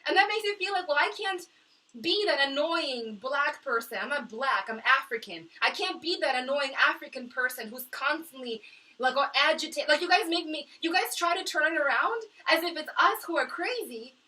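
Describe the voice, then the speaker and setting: Young woman vlogger, distressed, profane, sharp high voice, mic a little far off. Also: expressive, normal speed. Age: young adult. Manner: impassioned and profane, swinging between low mutters and shouting. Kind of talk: emotional monologue to camera. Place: small apartment kitchenette.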